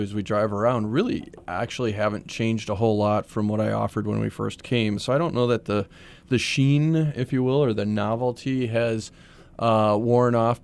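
A middle-aged man, a city manager, speaking as a radio guest in a measured, thoughtful way. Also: lowish voice, vocal fry, clear, resonant tone. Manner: measured, thoughtful, many fillers. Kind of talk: casual interview talk.

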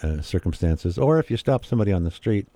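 A man with a low, dark voice chats easily, telling anecdotes and acting out quoted exchanges. The recording is dry and close-miked. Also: expressive, fast talker, no echo. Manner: chatty storyteller, acts out quoted voices with laughs. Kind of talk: casual conversation.

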